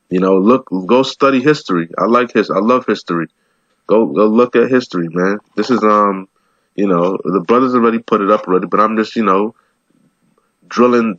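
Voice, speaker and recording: Man, casual scripture commentary, slangy and rambling, lowish voice, dry muffled sound. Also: fairly bright tone, dry recording. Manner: streetwise, slangy, rambling, says "man" a lot. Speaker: bible teacher.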